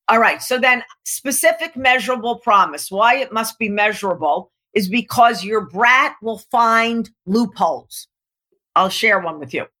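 Bright, emphatic woman coaching. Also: on the high side. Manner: emphatic, animated storytelling with acted-out quotes. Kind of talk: coaching talk to an interviewer.

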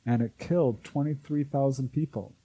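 Appearing as a guest, an author and UFO researcher spins a lengthy tale and performs the quoted voices of its characters with lively energy. His mid-range male voice moves at a normal speed with a breathy edge, and the audio quality is poor.

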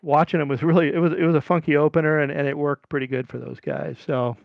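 A middle-aged man from California casually telling a long, rambling story, his voice jumping up high when he quotes people. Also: level tone, fast talker, vocal fry, no echo, highs cut off. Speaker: podcast guest.

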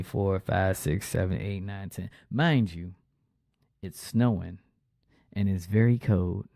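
A man's voice: low voice, vocal fry, dark tone, no room sound, clean studio sound. A man casually telling a personal story in a loose, profane, slangy way.

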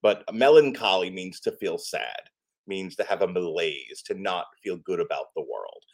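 A man's voice: low voice, expressive, moderate pace, gravelly. A man co-hosting a podcast, reviewing a comic book in casual, joking chat and playfully teasing his co-host.

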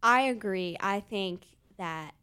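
A woman's voice: mid-range voice, slow, pushed and bright, clean tone. A young woman co-hosting a casual podcast, reading stories aloud and sharing her opinions in a chatty way. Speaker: podcast co-host.

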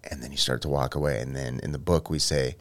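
A young man co-hosting a podcast, riffing in a sarcastic, deadpan way with casual profanity. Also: very deep voice, fast talker. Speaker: podcast co-host. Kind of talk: casual banter.

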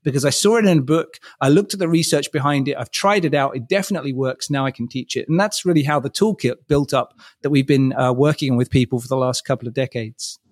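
A man being interviewed, telling long measured stories about his work as a communication trainer, often restarting his phrases. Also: mid-range voice, no echo, clean studio sound. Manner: measured storytelling with frequent restarts. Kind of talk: interview answers.

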